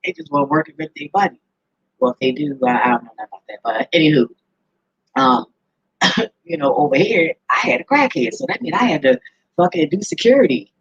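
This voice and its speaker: A woman's voice: low voice, lively intonation, fairly quick, husky, dry recording, dull audio. A woman ranting to camera in a blunt, profane way, often laughing as she talks. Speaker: vlogger. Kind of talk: casual ranting monologue to camera.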